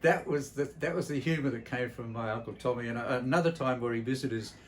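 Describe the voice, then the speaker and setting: Here an older Australian entertainer talks fast in a medium pitch, offering a memorial tribute built on family stories. His manner is blunt, salty and reflective, broken by frequent hesitations, and the low-quality recording carries slight background noise.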